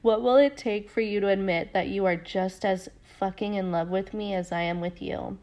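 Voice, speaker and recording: A woman reading the lines of an intense, possessive male fae lover in a low, murmured, commanding tone. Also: moderate pace, darkish tone, lightly acted.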